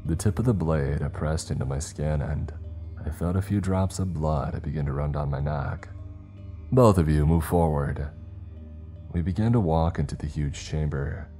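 Man, horror narrator, extremely deep voice, dark mellow tone, slow measured delivery, faint music underneath.

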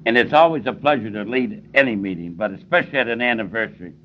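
A man's voice: fairly low pitch, fast. An older man speaking at a recovery meeting, plainspoken and emphatic, repeating key phrases for stress. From Cleveland, US. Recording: dull lo-fi tape recording.

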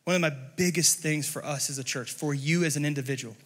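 A man preaching a sermon as pastor at a church service, passionate and often building up to shouting. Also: a little high, fast, in a large hall.

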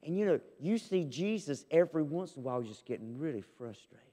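A man preaching a sermon as pastor, emphatic and swinging between loud and soft. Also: on the high side, animated, a little fast, few pauses, in a large hall. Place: church sanctuary.

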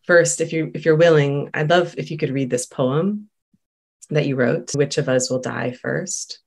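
An interview host with a mid-pitched voice who asks questions gently and reflectively. The pace is thoughtful and the manner stays calm. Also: unhurried, creaky.

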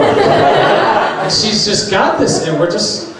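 A young man tells an animated story to a group, laughing along as he goes. His voice is a touch high for a man. He sounds distant from the mic in an echoey room, with noise behind him. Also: takes it slowly. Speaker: youth leader.

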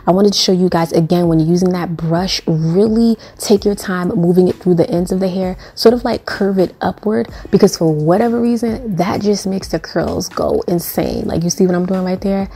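A woman's voice: on the low side, normal speed, few pauses, mellow, slightly rough. A young woman talking through a hair tutorial in a sassy, playful, chatty way. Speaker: beauty vlogger.

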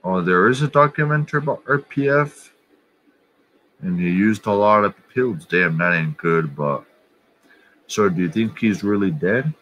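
A man's voice: on the low side, lively intonation, fairly bright tone, rough recording. A man vlogger talking casually and bluntly about soccer and other channels, swearing offhandedly. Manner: slow, offhand, blunt and profane. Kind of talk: casual chat.

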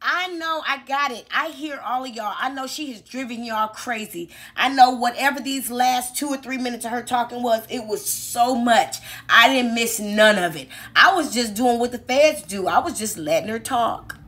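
A woman's voice: on the high side, normal speed, hardly any pauses, fairly bright tone. A woman commentator mocking a speaker in a teacherly, sarcastic way. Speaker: online commentator.

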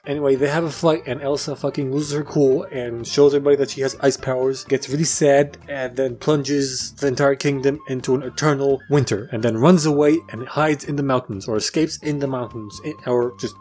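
Fast, foul-mouthed sarcastic man. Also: mid-range voice, fairly even intonation, a little mellow, soft background music. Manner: profane, exasperated ranting. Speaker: comedic narrator. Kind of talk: sarcastic movie recap.

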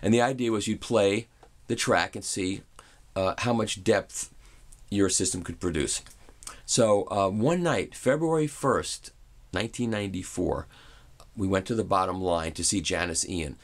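A man's voice: low-pitched, unhurried. A middle-aged man casually telling an amused anecdote, with frequent restarts. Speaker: audio reviewer and vlogger. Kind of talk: casual storytelling.

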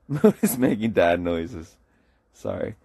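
A man with a sore throat and a husky voice, joking around with viewers in a casual livestream. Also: fairly low pitch, dark tone, no echo. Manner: joking, playful banter with viewers. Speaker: livestream host.

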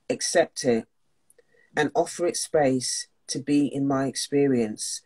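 Woman host, heartfelt casual talk, reads a passage aloud, mellow breathy voice. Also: deep voice. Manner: warm-hearted and emotional, reading a passage aloud. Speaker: host and wellness coach.

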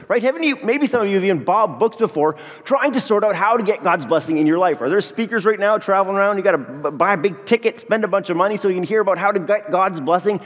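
A man preaching a sermon to his congregation in a church, joking and speaking directly to the people. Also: high voice. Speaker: pastor. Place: church sanctuary. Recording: long reverb of a church hall.

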